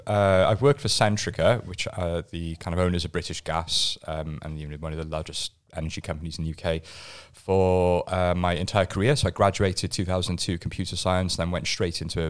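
Deep-voiced man, halting podcast guest. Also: steady tone. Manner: halting, repeats words when starting. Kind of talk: casual podcast interview.

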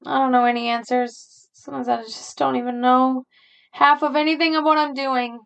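A young adult woman hosting a podcast, talking through her feelings in a halting, searching way, with frequent sighs and fillers. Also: sits high, fairly even intonation, creaky, dull audio. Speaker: podcast host. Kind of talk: personal reflective monologue.

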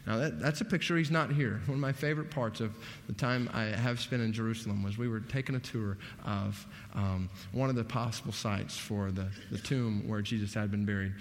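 A man preaching a sermon, animated, his voice rising emphatically on key points. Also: fairly low pitch, brisk, few pauses, a little hiss or hum. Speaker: pastor. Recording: long hall reverb.

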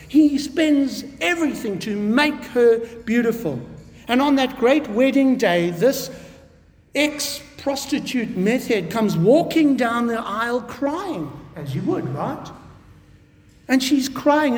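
A man preacher delivering a sermon in an emphatic, animated way, with casual conversational asides. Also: very high-pitched, unhurried. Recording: long reverb of a large hall.

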